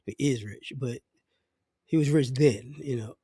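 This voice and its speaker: A man's voice: mid-range voice, measured pace, dark tone, husky, no echo, clean studio sound. A middle-aged man giving a blunt, profane, rambling opinion rant as a vlogger, often restarting his sentences. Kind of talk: casual opinion rant to camera.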